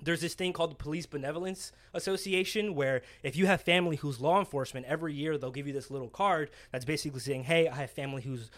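A man's voice: a little high, fast, hardly any pauses. A young man from New Jersey, co-hosting a podcast and telling a story in casual, swear-filled chat. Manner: swears a lot, animated and excitable storyteller. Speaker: podcast co-host.

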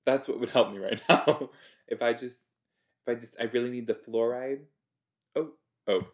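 A man giving chatty, excitable reaction commentary as he watches a TV episode, gasping and exclaiming along. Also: mid-range voice, moderate pace. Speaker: reaction video host.

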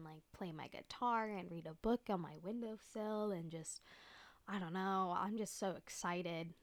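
A young woman hosts a solo podcast in casual chat, her medium-pitched voice recorded with no room sound. She rambles with many fillers, swears freely, and sometimes drops to a soft whisper close to the microphone.

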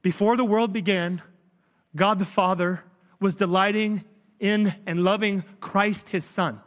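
A man's voice: high voice, measured pace, a bit bright. A male pastor delivering a sermon in an earnest, emphatic preaching manner. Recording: long reverb of a large hall.

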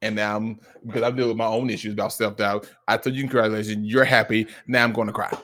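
Fast and fairly low-pitched, a man co-hosts a laid-back podcast chat. He's an earnest, reflective storyteller who gets animated acting out quoted lines, his son's among them.

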